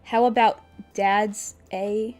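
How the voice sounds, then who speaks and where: A woman's voice: mid-range voice, fairly even intonation, takes it slowly, darkish tone. A woman streamer chatting casually with her viewers in a bubbly, cutesy, rambling way. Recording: faint background music.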